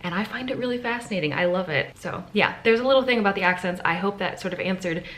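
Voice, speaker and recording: A woman's voice: medium pitch, fast talker, a bit bright, a little hiss or hum. A woman talking casually to camera in a hotel room, chatty and enthusiastic as she thinks aloud. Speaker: travel vlogger. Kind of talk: casual vlog talk to camera.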